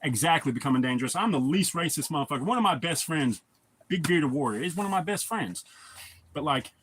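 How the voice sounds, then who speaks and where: A man's voice: fairly high pitch, lively intonation, a little fast, a bit bright, slight background noise, poor audio. A man live-streaming, telling blunt, profane stories in a casual chat to his viewers.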